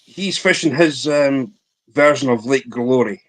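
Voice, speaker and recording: A man with a Scottish accent hosting a casual livestream chat, playful and animated with drawn-out emphasis. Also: mid-range voice.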